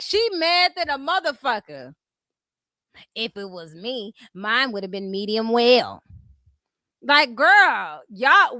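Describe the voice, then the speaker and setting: A Californian woman delivers a blunt, sassy commentary rant, swearing freely as she talks straight to her viewers. Her voice sits a little on the high side, and the sound is dry and close with no room echo. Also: sharp tone. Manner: blunt, profane and sassy, addressing viewers as "y'all". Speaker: commentary streamer.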